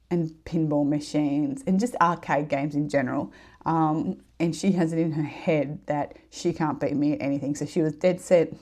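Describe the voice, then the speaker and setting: Low mellow-voiced woman rambling. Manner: chatty, rambling, with many fillers and giggles. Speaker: podcast host. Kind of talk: casual storytelling monologue.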